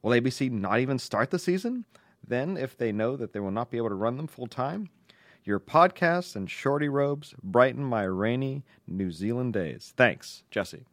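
A man's voice: mid-range voice, animated, moderate pace, dry recording, studio quality. A man co-hosting a casual podcast, reading listener letters aloud in a playful, mock-formal way.

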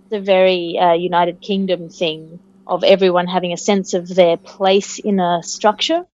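A woman in casual conversation, explaining things in a measured way. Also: lowish voice, flat delivery, darkish tone. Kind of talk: casual chat. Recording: dull lo-fi sound.

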